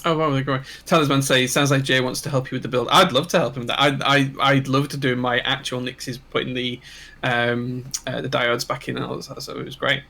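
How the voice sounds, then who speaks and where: A man's voice: mid-range voice, level tone, fairly quick, creaky, pushed and bright. A man co-hosting a casual livestream, chatty and rambling with frequent ums. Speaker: co-host.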